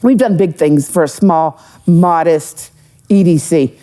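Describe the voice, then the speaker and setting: Middle-aged woman guest, chatty storyteller cracking jokes, lowish mellow voice. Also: slow pace. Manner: animated storyteller, jokes and asides. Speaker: economic development executive, podcast guest. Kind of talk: live podcast interview with audience.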